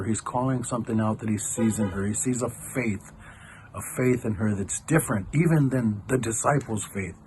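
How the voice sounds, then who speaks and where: A man's voice: lowish voice, slight background noise, poor audio. A man, a church elder, gives a casual devotional talk and retells a scripture passage in everyday, conversational speech.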